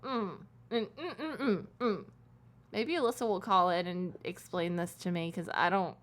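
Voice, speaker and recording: A young woman co-hosting a college radio show, silly and excitable, joking with her friend in a small booth on a studio microphone. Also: medium pitch, normal speed. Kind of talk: casual fan chat.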